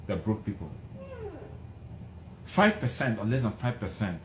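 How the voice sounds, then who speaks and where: Speaking a little slowly in a low, sing-song voice, a middle-aged man drives his motivational message home with passion, repeating phrases for emphasis. A roomy echo and faint background noise surround the recording.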